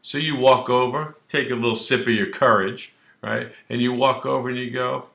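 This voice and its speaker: A man who is a criminal defense attorney, explaining the law straight to camera in a brash, animated way and acting out little scenes. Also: medium pitch, normal speed, creaky, reverberant. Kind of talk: direct-to-camera legal explainer.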